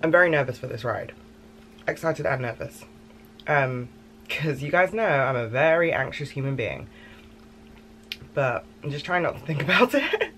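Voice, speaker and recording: A young woman vlogging in a casual, chatty and excitable way, rambling with fillers. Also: a bass voice, normal speed, pauses often, slight background noise. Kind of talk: casual vlog chat.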